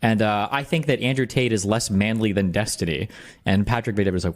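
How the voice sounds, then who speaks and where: A man streaming live, reacting to a video with quick, incredulous, sarcastic commentary. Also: on the low side.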